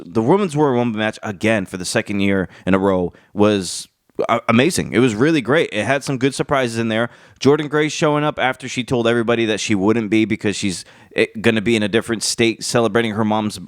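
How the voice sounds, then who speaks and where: A man hosting his wrestling channel with casual vlog commentary. He talks with energy and emphatic, animated jumps in pitch, and his voice is stuffy and congested from a cold. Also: brisk, dry recording, studio quality.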